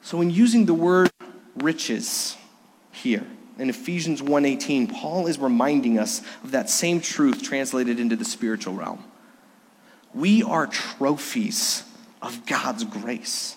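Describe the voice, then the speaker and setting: A man preaching a Sunday sermon as pastor, earnest, slowing and dropping his voice for emphasis. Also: mid-range voice, animated, husky. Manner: earnest preaching with dramatic pauses. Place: church sanctuary. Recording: live church service with long reverb.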